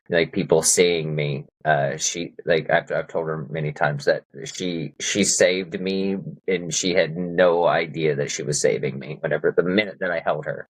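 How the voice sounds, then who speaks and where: A man with a low voice hosting a conversational podcast interview. He responds warmly to his guest and shares his own experience in a sincere, affirming way. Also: rough recording. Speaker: podcast host.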